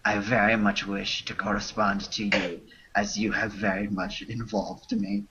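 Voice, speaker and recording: A man's voice: on the low side, measured pace, vocal fry, bright, forceful tone, a little hiss or hum, heavily acted. A man voicing a woman spam writer in a fake French accent, reading broken English aloud. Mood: hammy. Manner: broken English, read out with laughs. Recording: muffled lo-fi livestream audio.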